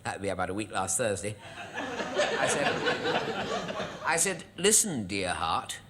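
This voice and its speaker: A man, a comedian, telling a deadpan comic monologue to an audience. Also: fairly low pitch, normal speed, very noisy. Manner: deadpan storytelling with acted quotes. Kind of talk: stand-up monologue to a studio audience.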